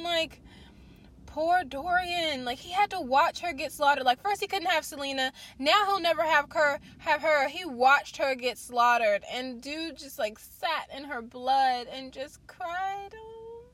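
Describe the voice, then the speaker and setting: Gushing to "you guys" and "y'all" in a casual vlog, a woman reviewing books peppers her talk with "like." Her high voice is slow and a bit bright, with no echo.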